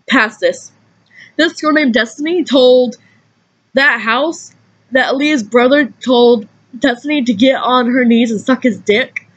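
High-voiced young woman telling a story. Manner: animated, acts out quotes, swears freely. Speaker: vlogger. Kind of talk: casual storytelling vlog. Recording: dull lo-fi home recording.

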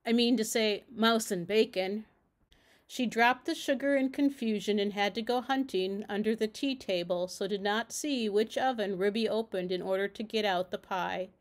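A woman reading a classic children's storybook aloud in a gentle, measured way. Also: mid-range voice. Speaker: narrator.

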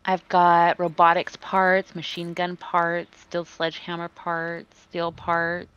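A woman in casual multiplayer game chat, listing loot in an unhurried, amused way. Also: on the low side, completely flat delivery, a bit bright, smooth, no room sound, muffled recording.

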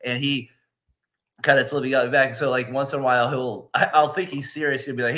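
A man's voice: medium pitch, fairly even intonation, fast, fairly bright tone. A man in his late thirties, a podcast co-host and teacher, telling rambling stories in casual chat with plenty of fillers. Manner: rambling storytelling with laughs and fillers.

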